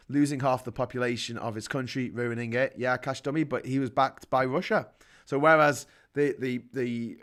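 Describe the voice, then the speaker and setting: A man hosting a casual show, chatting in an animated way, telling anecdotes and reading out viewer comments with mocking asides. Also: mid-range voice. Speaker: host.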